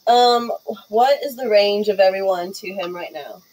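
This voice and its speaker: A woman's voice: mid-range voice, measured pace, a little mellow, poor audio. A woman playing a tabletop game, talking casually with hesitant ums as she plans her turn. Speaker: player.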